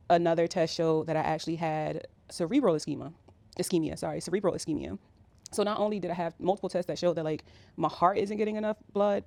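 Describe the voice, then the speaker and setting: A woman's voice: sits low, a little mellow, no echo. A woman in her thirties telling a personal story in a casual, rambling way, with many fillers. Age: 30s. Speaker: vlogger.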